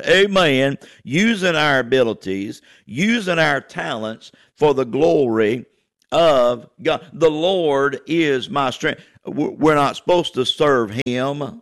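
Male radio preacher, fervent and repetitive, mid-pitched, dry close sound. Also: no echo. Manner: fervent, repetitive preaching with many "amen"s and "hey, listen". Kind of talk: radio sermon.

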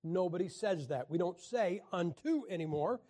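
High-voiced joking Bible class teacher, man. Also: lively intonation, normal speed, dark tone. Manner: wry, clears throat often.

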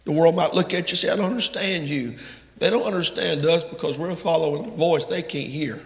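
Male preacher, gravelly and a touch high, fervent sermon delivery, long church reverb. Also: a little fast. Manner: fervent, rising to loud emphatic peaks. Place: church sanctuary. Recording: echoey hall from far off.

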